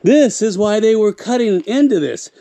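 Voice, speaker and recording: A man with a notably high voice walks through an old mine site, naming rocks and pointing things out in a casual teaching manner. The sound is dry and close, with no echo around him. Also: lively intonation, normal speed, dark tone. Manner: instructive, points at rocks, casual prospector talk. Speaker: host explaining geology. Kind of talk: outdoor teaching walkthrough.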